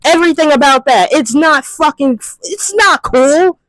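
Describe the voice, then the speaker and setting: A man's voice: very high voice, a little slow, fairly bright tone, dry recording, poor audio. A man ranting in a profane, exasperated movie commentary, firing off rhetorical questions. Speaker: commentary youtuber.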